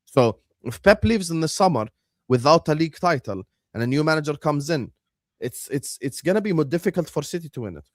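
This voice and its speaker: A young man hosting a stream, arguing about football in a heated, animated way, swearing and dropping Arabic phrases. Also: fairly high pitch, a little fast, no room sound, clean studio sound. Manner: argumentative, animated, swears, says "wallah" and "inshallah". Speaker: host.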